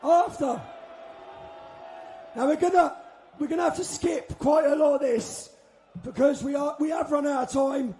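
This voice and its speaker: A man giving an impassioned shouted speech to a crowd at an outdoor protest. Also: extremely high pitch, a little slow, pauses often. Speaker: rally speaker.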